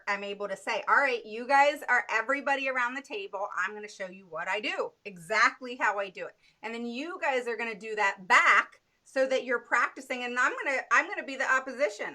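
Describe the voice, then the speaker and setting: A woman's voice: mid-range voice, pushed and bright. A woman hosting an interview and running a course, talking in a chatty way full of fillers. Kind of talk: casual interview.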